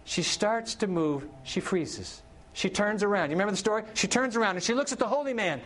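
A middle-aged man preaching a sermon. His voice sits a little high for a man. He tells the story with animated delivery and briefly acts out the people in it. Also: fairly quick. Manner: animated storytelling, acting out characters' lines. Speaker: pastor.

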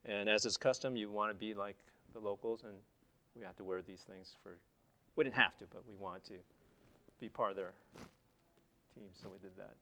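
A man's voice: fairly low pitch, fairly even intonation, normal speed, long pauses, pushed and bright. A man presenting at a seminar, telling stories from his slides in a chatty, conversational way with frequent restarts. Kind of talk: casual slide presentation storytelling.

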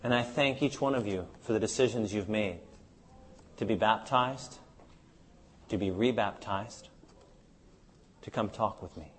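A man's voice: lowish voice, a little slow, pauses often, slight background noise. A man preaching a sermon at a seminar, asking his audience many rhetorical questions. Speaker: seminar speaker. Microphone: live seminar recording.

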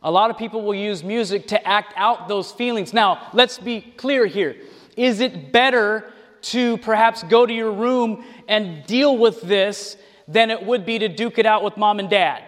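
A man delivers an animated sermon to a congregation in a high, lively voice and slips into other people's voices as he quotes them. His words ring out with a long reverb, as in a large church hall. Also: unhurried. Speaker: preacher.

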